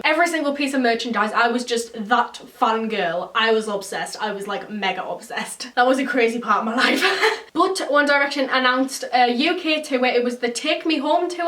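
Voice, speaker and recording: A woman's voice: high-pitched, fairly bright tone, echoey room, distant mic. A teenage girl from North-East England with a Geordie accent, telling a gushing storytime vlog with lots of giggles and "like". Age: teens. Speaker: YouTuber.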